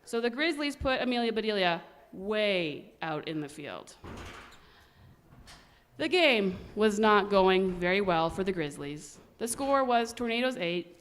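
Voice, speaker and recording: A woman reading a children's story aloud at a church service, animated and expressive. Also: mid-range voice, slight background noise.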